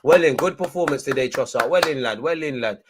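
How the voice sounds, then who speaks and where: A young man giving excitable live fan commentary on a football match, urging players on and swinging between frustration and hype. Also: mid-range voice, fast, background noise.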